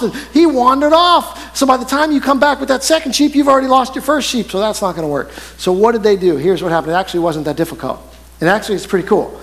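High-voiced man preaching in a reverberant hall. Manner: conversational, animated storytelling. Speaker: pastor. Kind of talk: sermon.

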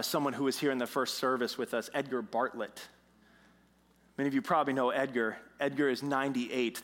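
A pastor telling a story in a sermon, animated, moving between hushed moments and emphatic ones. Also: male voice, mid-range voice. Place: church sanctuary. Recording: long church reverb.

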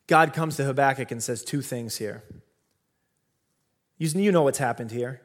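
A male pastor giving a sermon, retelling scripture in an animated, casual way. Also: medium pitch, moderate pace, pauses often.

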